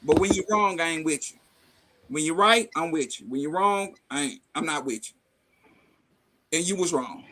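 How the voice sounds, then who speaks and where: A middle-aged man chatting casually, telling a family story with lively acted-out dialogue and salty slang. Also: fairly high pitch, normal speed, long pauses, slight background noise. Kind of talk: casual chat.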